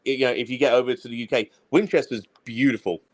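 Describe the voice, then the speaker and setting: A man's voice: medium pitch, fairly even intonation, fast. A man from southern England with a Southern English accent, chatting bluntly on a casual livestream and swearing offhandedly.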